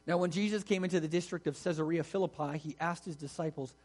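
A man's voice: fairly high pitch, fairly even intonation, fast talker, darkish tone. A man preaching a sermon in an explanatory, conversational way, stressing key words. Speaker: pastor.

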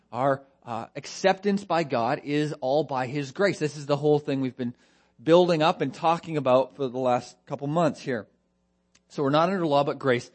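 A man preaching an expository sermon, posing rhetorical questions in earnest, stressing key phrases and dropping his voice on grave points. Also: on the high side. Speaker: pastor.

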